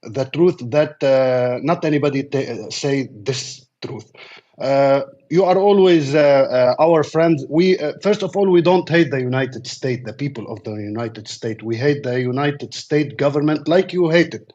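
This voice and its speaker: A man with a Lebanese accent, a war correspondent speaking English haltingly with many fillers over a remote call. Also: medium pitch, a little mellow, muffled recording. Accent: Lebanese, from Baalbek. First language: Arabic. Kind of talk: remote interview.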